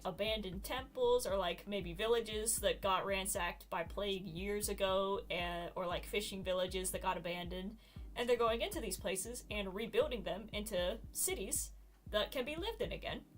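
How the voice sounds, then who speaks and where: A woman streaming a game, chatting casually and telling a rambling story with frequent laughs. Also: mid-range voice. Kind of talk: casual chat while gaming.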